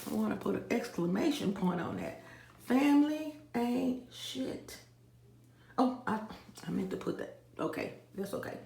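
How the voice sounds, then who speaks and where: Addressing her viewers as "y'all," a woman vlogs in a casual, emphatic monologue, repeating phrases to drive her points home. Her medium-pitched voice is creaky and a little mellow, with huge pitch swings and a fairly quick pace. She's recorded in an echoey room.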